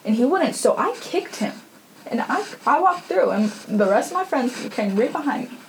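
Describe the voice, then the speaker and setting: Young woman rambling through a story on her podcast, lots of "like"s, kinda high voice, little bit of hiss behind. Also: big pitch swings, moderate pace, poor audio. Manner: chatty, many fillers and "like"s, laughs often. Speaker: podcast host. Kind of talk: casual storytelling.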